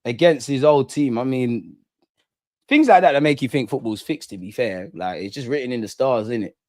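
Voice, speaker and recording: A young man hosting a live football watch-along, blunt and slangy, chanting and shouting when his team scores. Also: mid-range voice, moderate pace, no echo, studio quality.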